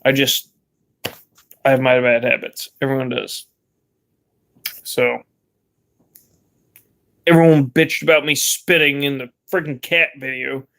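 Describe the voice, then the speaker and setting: A man's voice: mid-range voice, steady tone, measured pace, vocal fry, pauses often, fairly bright tone. A young man vlogging in a rambling, laid-back way, swearing casually as he chats. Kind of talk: casual vlog chat.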